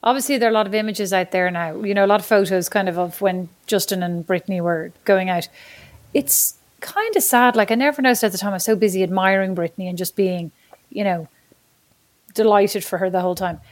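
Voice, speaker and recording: A woman in her forties co-hosts a podcast in loose, casual chat. She rambles from thought to thought and plays at being indignant. Her voice is an ordinary middle pitch. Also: a little fast. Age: 40s. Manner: chatty, rambling, mock-indignant. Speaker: podcast co-host.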